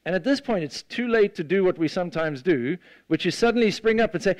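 A man preaching a sermon, retelling a scene with lively storytelling and acting out the voices of the people in it. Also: high-pitched, fast, hardly any pauses, no room sound. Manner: animated storytelling, acts out the disciples' voices.

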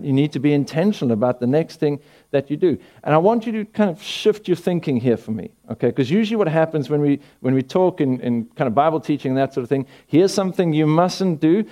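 A man's voice: medium pitch, mellow. A pastor preaching a conversational sermon to his church, with frequent restarts and rhetorical questions. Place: church hall.

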